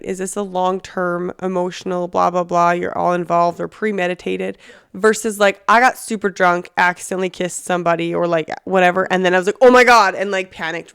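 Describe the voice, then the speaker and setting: A woman's voice: fairly low pitch, gravelly, smooth, no echo, studio quality. A woman hosting a podcast, reflecting and reasoning aloud in casual conversation with fillers. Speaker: podcast host. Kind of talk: casual interview chat.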